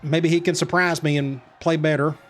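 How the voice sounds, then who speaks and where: A man's voice: fairly high pitch, fairly even intonation, moderate pace, fairly bright tone, soft background music. A man casually narrating his own football video game, muttering play calls and reacting as he goes. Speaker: gaming commentator. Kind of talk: casual let's-play commentary.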